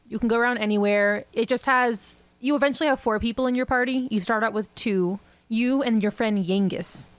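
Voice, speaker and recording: A woman's voice: fairly high pitch, fairly quick, few pauses, dry recording. A woman co-hosting a podcast, chatting casually and rambling with lots of fillers and laughs. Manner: rambling, giggly, lots of likes and ums. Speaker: podcast co-host. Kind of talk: casual chat.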